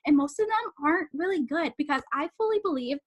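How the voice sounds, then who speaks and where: A young woman with a high, bright voice talks as a coach in a casual, motivational way. She is earnest and animated, and she slips into little acted-out inner voices to make her points. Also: quick pace. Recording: online summit talk.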